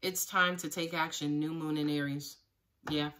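A woman's voice: sits low, steady tone, normal speed, a bit bright, distant mic, slight background noise. A woman giving a live tarot reading to her viewers, talking casually with plenty of swearing and frequent laughter. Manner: casual and profane, laughs often, talks straight to viewers. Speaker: tarot reader.

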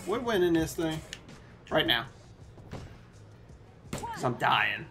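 A man giving loud, excitable commentary while playing a video game, swearing and yelling at the game. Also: a little high, takes it slowly, long pauses, soft background music. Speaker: gaming streamer. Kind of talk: live gameplay commentary.

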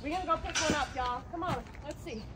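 Bubbly high-voiced woman vlogger. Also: fast, reverberant, background noise. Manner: chatty, bubbly, constantly addresses viewers as y'all. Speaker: vlog host. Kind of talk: casual chatty cooking vlog. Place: home kitchen, then a sunny backyard chicken coop.

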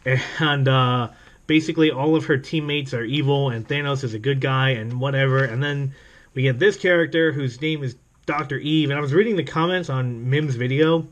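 A man's voice: mid-range voice, normal speed. Rambling sarcastic male comic reviewer. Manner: rambling, sarcastic, full of fillers and laughs. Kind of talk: casual video commentary.

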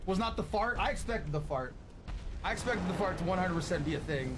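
A man's voice: high-pitched, animated, a little fast, background noise. A young man streaming a game, teary and grateful, swearing often while chatting with his viewers. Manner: tearful, grateful, swears a lot. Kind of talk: emotional live-stream chat. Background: game music.

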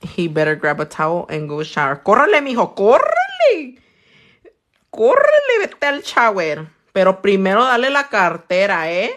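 A woman, a nail technician chatting loudly and crudely on a livestream while she works, teasing and laughing a lot. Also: fairly low pitch, expressive, a little fast, few pauses. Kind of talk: casual livestream chat while doing nails. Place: her own room.

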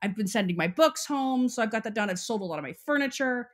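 This podcast co-host is a young Texan woman whose voice is a little high, animated and fast. She chats casually, rambling and leaning heavily on "like."

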